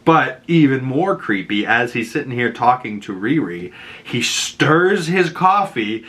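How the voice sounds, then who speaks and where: A man's voice: mid-range voice, big pitch swings, unhurried, fairly bright tone. A man hosting a casual episode breakdown, talking in a chatty, rambling way full of fillers and laughing at his own jokes. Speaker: YouTube host reviewing a superhero show.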